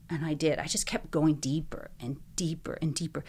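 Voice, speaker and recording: A woman's voice: low-pitched, fairly even intonation, fairly quick, gravelly, few pauses, warm tone, husky. A young adult woman, a podcast guest, telling her personal story in an earnest, emotional way, with many filler likes.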